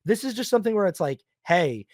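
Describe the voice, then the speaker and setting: Brief: male podcast host, higher register, dry close sound, lively and jokey, quotes characters in put-on voices. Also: fast talker, no room sound. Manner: animated, acts out characters in silly quoted voices. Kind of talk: casual film podcast chat.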